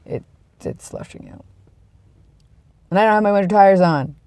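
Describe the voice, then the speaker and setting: A vlogger with a cold, sniffly and tired, chatting casually to the camera in a rambling, self-deprecating way that trails off into low mumbles. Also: moderate pace, darkish tone, no echo. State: sick with a cold, sniffly and congested; tired and yawning.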